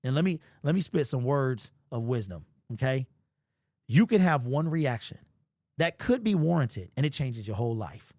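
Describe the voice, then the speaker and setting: In a mid-range voice at normal speed, a man hosts a casual sports talk show, recorded in studio quality with no room sound. His style is lively and slangy, and he cracks jokes built on wild exaggeration.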